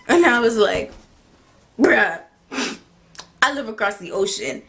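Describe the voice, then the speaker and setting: A woman's voice: a little high, takes it slowly, gravelly, pauses often, background noise. A teenage girl telling a story on her vlog, acting out a text conversation and laughing as she goes. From United States. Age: teens. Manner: animated, laughing, acts out text exchanges. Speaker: vlogger.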